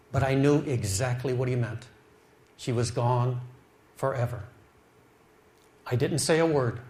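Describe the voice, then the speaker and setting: A middle-aged man giving an emotional personal testimony, storytelling slowly and dropping quiet at the saddest moments. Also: mid-range voice. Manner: slow, heartfelt storytelling, drops quiet at sad moments. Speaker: speaker telling his life story.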